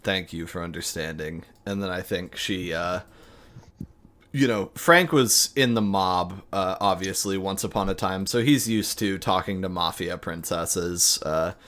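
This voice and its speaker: A man narrating as game master of a tabletop game, halting, with many fillers and restarts. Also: low-pitched, fairly bright tone.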